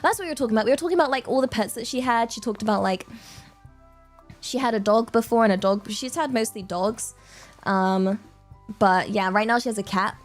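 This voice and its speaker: A woman's voice: on the high side, brisk, faint music behind. A young woman with a British accent chatting casually on a livestream, rambling with lots of filler words and laughter. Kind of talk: casual stream chat.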